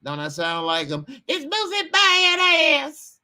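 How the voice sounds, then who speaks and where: A man putting on a boastful rapper's voice, pitched far above his own and squeaky. The words come out whiny and drawn out. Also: huge pitch swings, slow pace, pushed and bright, exaggerated voice. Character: high-pitched male rapper impression, boastful.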